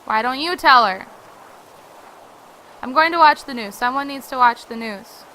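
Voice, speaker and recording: A woman voicing an anxious young brother who talks in a fussy, rushed, repetitive way. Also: high-pitched, expressive, sharp tone, a little hiss or hum, poor audio. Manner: fussy, rushed, repeats himself. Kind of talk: reading game dialogue aloud.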